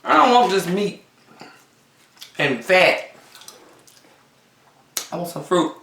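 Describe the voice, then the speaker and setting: A woman vlogger chatting casually to camera between bites, often pausing on long hums. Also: on the low side, expressive, creaky, fairly bright tone, slight background noise. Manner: chatty, talks between bites with drawn-out mms. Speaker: mukbang vlogger. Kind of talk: casual eating chat to camera. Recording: roomy sound from a distance.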